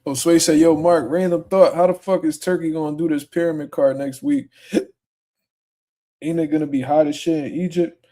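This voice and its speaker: Young man, livestream host, casual chat, profane, mellow dark voice. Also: on the high side, fairly even intonation, moderate pace. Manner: profane, laid-back, heated when arguing with commenters.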